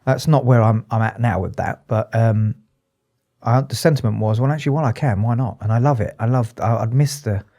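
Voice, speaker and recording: Man, psychotherapist guest; candid, emotional, restarts a lot; mellow, dark voice. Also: mid-range voice. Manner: earnest, emotional, halting with restarts. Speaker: psychotherapist and addiction specialist, guest. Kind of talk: candid interview talk.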